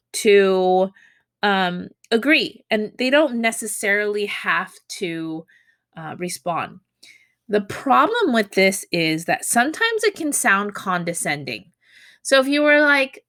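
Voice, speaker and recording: A woman teaching a Japanese grammar lesson in English, explaining patterns and acting out sample phrases. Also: dry recording. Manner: explanatory, acts out sample Japanese phrases with lively pitch swings.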